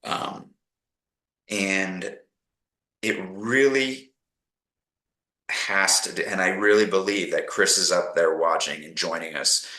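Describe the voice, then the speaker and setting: A middle-aged man from Canada, a podcast guest telling animated stories and acting out the people he quotes. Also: low voice, measured pace, echoey room, low-quality recording. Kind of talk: casual storytelling interview.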